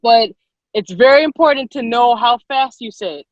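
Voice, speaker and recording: Woman, workshop leader, high voice, quick and lively, encouraging, video call, muffled lo-fi sound. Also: dry recording. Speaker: youth public speaking workshop leader. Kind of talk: online workshop teaching. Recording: dull lo-fi video call audio.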